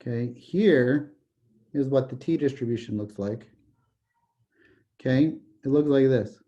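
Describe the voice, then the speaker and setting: On a muffled recording, a math professor with a medium-pitched voice lectures on statistics at a slightly slow pace. He cracks jokes, drifts into digressions, and leans on "okay" again and again.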